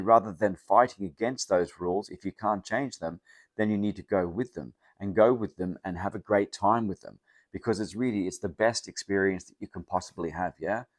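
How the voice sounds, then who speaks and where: A vlogger with a lowish male voice talks to the camera in a dry recording with no room sound. His motivational talk is rambling and casual, full of restarts and frequent "yeah?" check-ins.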